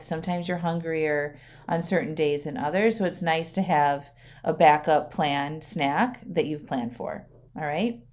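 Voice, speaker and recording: A chatty woman coach hosting her own podcast, with a slightly low voice. She talks straight to her listeners in a relaxed, conversational way, tagging many sentences with "right?" or "okay?" and laughing easily. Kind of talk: casual solo podcast talk.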